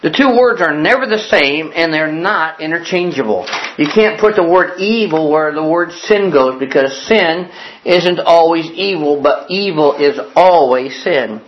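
A male pastor delivering a sermon after an opening prayer, reading scripture aloud and repeating key definitions slowly for emphasis. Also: on the high side, lively intonation, highs cut off, slight background noise. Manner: reads scripture aloud with pauses for note-taking.

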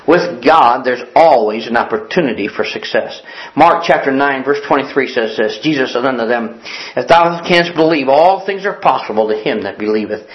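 A man preaching a sermon in an earnest, storytelling way, repeating key lines for emphasis. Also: mid-range voice. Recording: echoey, dull lo-fi sound.

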